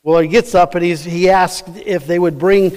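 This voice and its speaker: A man's voice: high voice, fairly even intonation, normal speed, a little mellow, in a large hall. A man preaching a sermon, retelling a Bible story in a casual, rambling way that often corrects itself. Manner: chatty, rambling, self-correcting.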